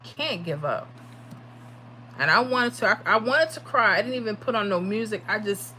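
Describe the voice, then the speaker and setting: Tired after little sleep, a livestream host offering lottery predictions chats casually and reads viewer comments aloud. She has a mid-range, bright, forceful voice and talks a little fast, with slight background noise.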